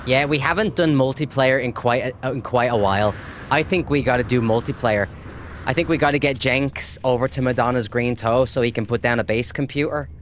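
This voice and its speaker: A man's voice: mid-range voice, fairly quick, a little hiss or hum. Chatty Irish man streaming a game. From Ireland. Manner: chatty, reads out chat and answers viewers, upbeat. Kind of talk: casual live-stream chat while gaming.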